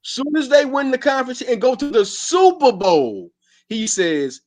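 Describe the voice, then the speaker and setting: A man's voice: very high-pitched, expressive, unhurried. A man hosting a sports podcast, arguing emphatically and repeating his points in casual speech. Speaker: podcast host.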